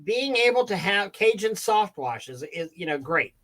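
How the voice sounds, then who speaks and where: A man with a fairly high voice co-hosts a relaxed live video chat. He gives frank advice and often stumbles and restarts his sentences. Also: a little slow. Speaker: co-host.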